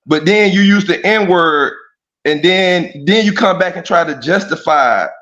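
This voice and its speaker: A man's voice: high-pitched, normal speed, pushed and bright. Insistent man in echoey lo-fi audio. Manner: insistent, repeats words, keeps saying he is being respectful. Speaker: debate participant. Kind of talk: heated debate.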